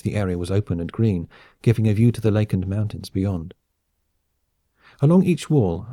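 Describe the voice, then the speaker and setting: Dark-voiced male audiobook narrator. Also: on the low side, slightly rough, no echo, clean studio sound. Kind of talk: scripted narration.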